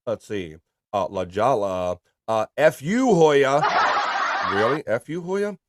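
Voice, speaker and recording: A man hosting a casual live stream, reading viewer comments aloud with playful shout-outs. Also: medium pitch, lively intonation, takes it slowly, heavy background noise. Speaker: livestream host.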